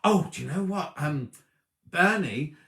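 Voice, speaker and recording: A man's voice: a little high, expressive, a little slow, gravelly, fairly bright tone, reverberant. A man, hosting a sewing livestream and chatting casually as he reads out viewers' comments and thanks them by name. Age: 50s. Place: home room before a dark wall.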